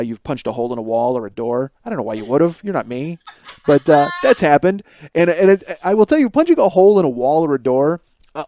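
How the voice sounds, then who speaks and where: A man's voice: a little high, mellow, no echo. A man in his thirties hosting a solo comedic monologue, telling a rambling, profane story and laughing between lines. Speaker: podcast host.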